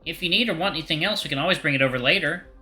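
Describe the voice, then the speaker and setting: Man voicing a gentle, reassuring young man. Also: on the high side, very fast, faint music behind, pitched above the performer's own voice. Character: calm gentle young male helper.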